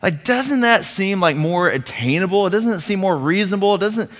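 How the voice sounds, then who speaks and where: A male pastor delivering a sermon in a church sanctuary, his voice sitting somewhat high for a man. He keeps it conversational, firing off rhetorical questions and inviting the congregation to call back. A long hall reverb trails every phrase. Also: animated, a little slow, fairly bright tone.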